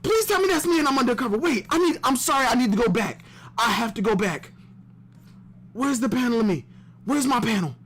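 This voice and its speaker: Excitable man yelling in a live reaction. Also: fairly quick. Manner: excitable, bursts into high shouts and laughter; slangy, repeats himself. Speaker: streamer reacting to a comic chapter. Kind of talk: live stream reaction chat.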